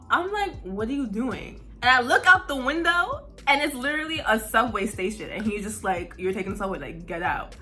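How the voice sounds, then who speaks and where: A lively young woman from New York tells a story in a high, bright voice that swings up and down a lot. She swears freely and fills her talk with "like", over faint background music. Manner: animated, profane, heavy use of "like". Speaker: vlogger. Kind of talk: casual storytime.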